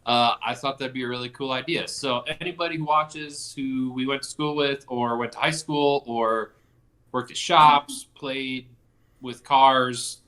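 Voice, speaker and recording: Podcast co-host, male, bright and forward tone, rambling, profane, jokey. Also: medium pitch, steady tone, measured pace. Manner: rambling, swears freely, jokey. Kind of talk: casual chat.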